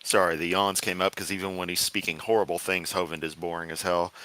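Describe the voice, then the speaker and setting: A man's voice: low-pitched, flat delivery, fast, few pauses, bright, forceful tone, low-quality recording. A man hosting a live stream, commenting casually and sarcastically with frequent uh and um. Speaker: streamer host.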